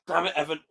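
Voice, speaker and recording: A young British man hosting a casual live stream, reading viewer comments and reacting in a jokey, animated way. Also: sits high, gravelly, heavy background noise. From United Kingdom. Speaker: livestream host.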